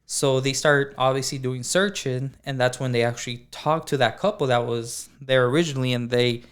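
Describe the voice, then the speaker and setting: A man co-hosting a podcast, telling a story in a casual, animated way with lots of filler words. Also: medium pitch, normal speed, smooth. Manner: animated, acts out dialogue, many fillers like "like". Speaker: podcast co-host.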